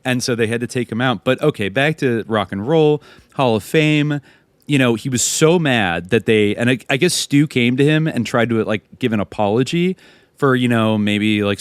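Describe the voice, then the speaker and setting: A podcast co-host with a medium-pitched, clean voice tells a story casually at normal speed, swearing a lot and animatedly acting out the people he quotes. There's no room sound.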